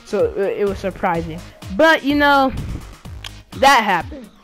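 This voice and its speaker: A woman's voice: medium pitch, lively intonation, a little slow, fairly bright tone. A teenage girl tells a long story, full of false starts and filler words. She talks in a loose, casual way, as if chatting to her viewers from home, and faint music plays behind her. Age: teens. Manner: rambling, many restarts and fillers. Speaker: student vlogger. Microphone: game console headset.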